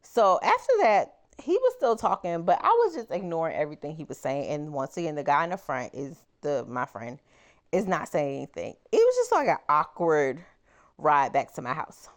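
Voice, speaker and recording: A woman crochet vlogger chatting casually as she tells a personal story, animated and exclaiming. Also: deep voice, normal speed.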